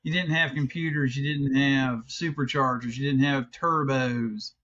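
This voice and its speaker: A man's voice: mid-range voice, steady tone, a little slow, pushed and bright, highs cut off. A middle-aged man co-hosting a podcast in casual chat, rambling and restarting, swearing freely. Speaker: podcast co-host.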